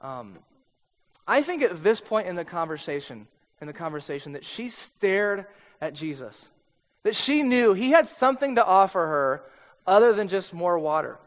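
A man's voice: sits high, very animated, normal speed. A male pastor preaching a sermon in a conversational, storytelling way. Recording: long hall reverb.

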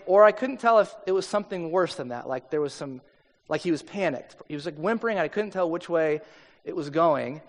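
A middle-aged pastor with a high voice preaches in a casual, storytelling way, full of little asides. His voice carries with a long reverb tail from a large hall. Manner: conversational storyteller, many asides. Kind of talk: sermon with personal story.

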